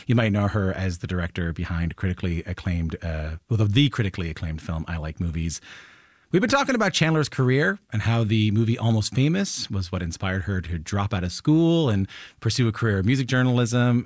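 A man hosting a radio interview show, conversational and quick with his reactions. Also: on the low side, no echo, clean studio sound. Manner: lively, conversational, quick asides.

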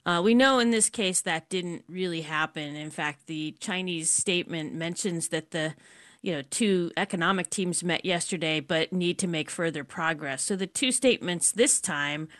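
A woman's voice: lowish voice, normal speed, a bit bright, no echo, studio quality. A woman appearing as an expert guest and former diplomat, explaining fluently how a process works. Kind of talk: radio news interview.

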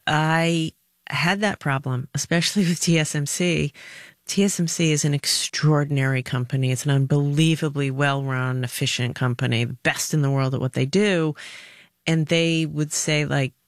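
A woman's voice: low-pitched, moderate pace, dry recording. Middle-aged woman guest, punchy and direct, talks like she's telling a story, dry sound. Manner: emphatic and direct, lively storytelling. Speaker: former government official, guest. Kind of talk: conversational interview answers.

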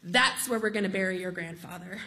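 A woman quoting her elderly grandmother in a blunt, deadpan, matter-of-fact way while telling a story. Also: lowish voice, a little fast, voice pushed down.

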